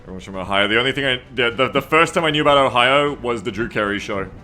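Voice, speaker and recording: A man's voice: medium pitch, lively intonation, fast talker, pushed and bright, faint music behind. A man streaming a strategy game, chatting casually with viewers and reading their messages aloud in a playful, teasing way, laughing often.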